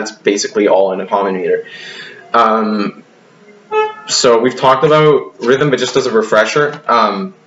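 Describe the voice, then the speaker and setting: A man's voice: mid-range voice, a bit bright, dull audio, a little hiss or hum. Hesitant male teacher in an echoey room. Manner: hesitant, many ums and restarts; apologetic asides. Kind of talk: recorded video lesson.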